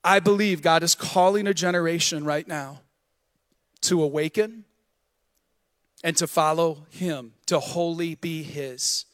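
A man's voice: on the high side, steady tone, measured pace, a bit bright. A man preaching a sermon as pastor, prompting the congregation to repeat words back to him. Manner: preaching with call-and-response prompts. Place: church sanctuary. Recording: long hall reverb.

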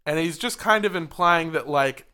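Male co-host, rambling and profane, bright slightly high voice. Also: moderate pace, clear, resonant tone. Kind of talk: casual comedic chat.

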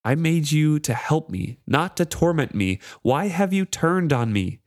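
A man's voice: fairly high pitch, expressive, unhurried, no echo, clean studio sound, voice pushed up. A man voicing a feverish, cornered pirate captain who sounds strained and pleading. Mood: desperate.

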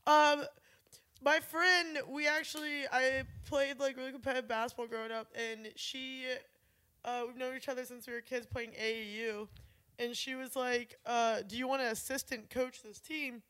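A woman's voice: high-pitched, fairly even intonation, normal speed, a bit bright. A woman from North Carolina telling a rambling story in casual podcast chat, often laughing. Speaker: podcast host.

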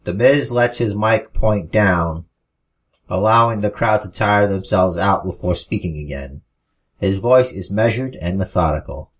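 A man co-hosting a podcast, casually reading out wrestling storylines with relaxed asides. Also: low-pitched, measured pace. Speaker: podcast co-host.

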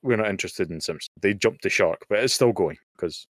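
A man in his thirties from the UK with a very low voice, co-hosting a podcast. He speaks bluntly, swears freely and adds dry humour, and the sound is close and dry. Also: fairly quick, dry recording. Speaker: podcast co-host. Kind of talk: casual chat. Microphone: remote call mic.

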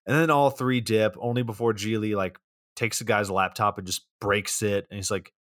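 Laid-back low-voiced man recapping. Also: fairly even intonation, normal speed, fairly bright tone, no echo. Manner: laid-back plot recapping, dry sarcasm. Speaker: podcast co-host. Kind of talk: casual movie recap.

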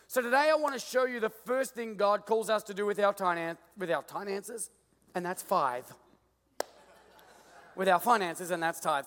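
A man with an Australian accent preaching a sermon with playful jokes and an animated stage illustration in a large church auditorium. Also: high-pitched, long reverb tail. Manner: playful, joking, animated with the crowd. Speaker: pastor.

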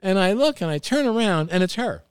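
A man's voice: sits high, brisk, clean tone. A man swaps stories in casual chat, and his voice swings up and down as he acts out the people in them. He swears often and talks in a loose, rambling way. The sound is dry and close, with little room echo. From New York. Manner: animated, profane storyteller acting out quotes. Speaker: restaurant owner, guest. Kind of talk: casual storytelling.

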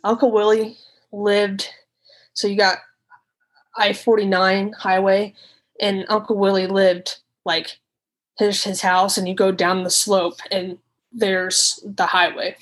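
A woman in a medium voice recounts a frightening night in her own words. She talks in an unscripted, halting way, restarting sentences and swearing at times. She retells whole conversations, slipping into what each person said. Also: mid-range voice, poor audio. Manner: retells conversations in quoted speech. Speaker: guest telling a personal story.

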